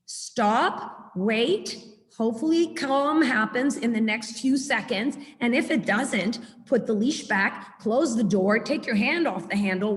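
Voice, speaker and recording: A woman giving a chatty, animated webinar lecture as a dog trainer over a video call. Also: fairly high pitch, in a large hall.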